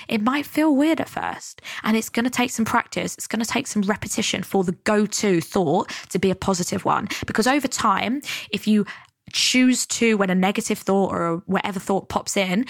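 A woman's voice: mid-range voice, creaky, no echo, studio quality. A young woman hosting a self-help podcast, chatty and casual, swearing freely and acting out her inner voices. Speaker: podcast host.

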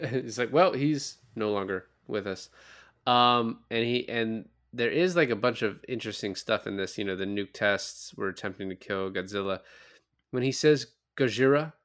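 A young adult man co-hosting a casual movie podcast, recapping scenes with lively, profane commentary. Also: mid-range voice, moderate pace. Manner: animated recapping with lots of swearing. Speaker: podcast co-host.

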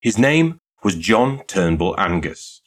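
A man narrating a classic detective story in a measured, even reading. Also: lowish voice. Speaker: audiobook narrator. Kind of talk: scripted narration.

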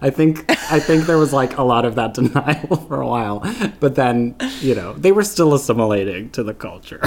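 A man's voice: medium pitch, animated, moderate pace, a little mellow. A man from Canada guesting on a podcast, talking bluntly and animatedly, swearing freely and slipping into voices. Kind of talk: casual chat.

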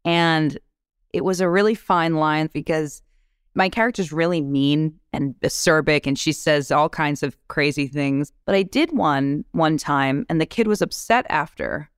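Smooth-voiced woman guest, frank and animated, dry close mic. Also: low voice, unhurried, no room sound. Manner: animated, laughing, acts out quotes; frank, swears casually. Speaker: actress guest. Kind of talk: candid podcast storytelling.

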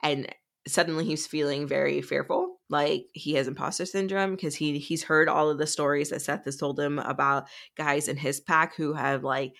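A woman's voice: low-pitched, steady tone, normal speed, vocal fry, fairly bright tone. A woman co-hosting a podcast, casually recapping a book in a chatty way, with lots of fillers. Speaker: podcast co-host.

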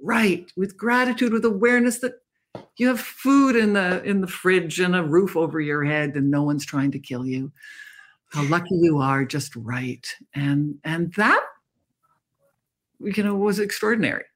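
A woman's voice: on the low side, unhurried. An older woman, a guest author speaking candidly and reflectively in an interview. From Canada. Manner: reflective, candid storytelling with laughs. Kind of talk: interview conversation.

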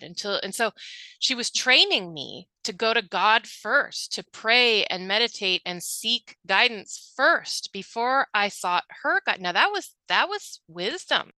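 Bright, crisp-voiced earnest woman. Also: mid-range voice, measured pace, no echo, rough recording. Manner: earnest, animated storytelling. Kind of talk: casual spiritual conversation.

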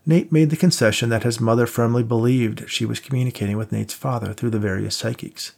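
A man narrating an audiobook in a steady storytelling manner. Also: medium pitch, fairly quick, gravelly. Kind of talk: scripted narration.

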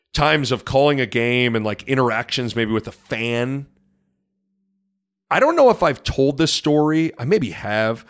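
Man, middle-aged, podcast host, basketball commentator, casual chat, animated storytelling, medium pitch. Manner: animated storyteller, lively swings in pitch and loudness.

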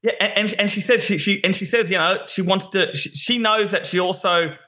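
A man co-hosting a podcast in casual chat, animated and tripping over repeated words when excited. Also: sits high, brisk, dull audio. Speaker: podcast co-host.

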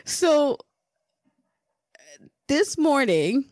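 A woman's voice: high-pitched, very slow, dry recording, clean studio sound. A young woman co-hosting a podcast, telling dating stories with lots of laughter and casual swearing. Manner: animated storytelling, laughs often, swears freely. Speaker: podcast co-host.

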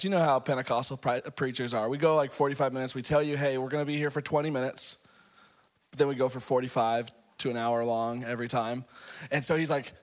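A man preaching a sermon as pastor, hoarse with a worn-out voice, telling jokey stories and laughing often. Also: mid-range voice. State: hoarse, voice shot.

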